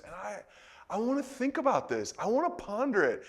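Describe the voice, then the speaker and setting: A man preaching a sermon in a conversational way, full of rhetorical questions, moving between soft and loud delivery. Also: sits high, sing-song, moderate pace. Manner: conversational, repeats words.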